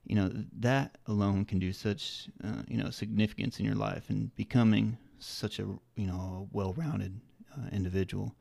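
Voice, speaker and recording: A man's voice: lowish voice, fairly even intonation, normal speed, gravelly, hardly any pauses, mellow, no room sound. A man co-hosting a podcast in casual chat, with a slight Southern American accent, talking in a rambling way full of fillers. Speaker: podcast co-host.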